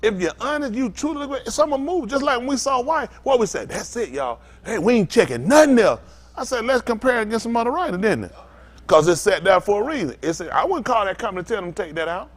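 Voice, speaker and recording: A man's voice: high-pitched, sing-song, fast talker. A man preaching an informal sermon, telling a story and acting out both sides of it with lots of laughter. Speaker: pastor.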